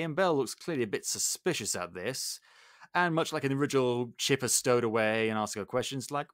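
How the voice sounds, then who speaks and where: A man's voice: medium pitch, lively intonation, brisk, fairly bright tone, no echo, clean studio sound. A man hosting a casual podcast, animatedly retelling a film plot and acting out its characters. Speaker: podcast host.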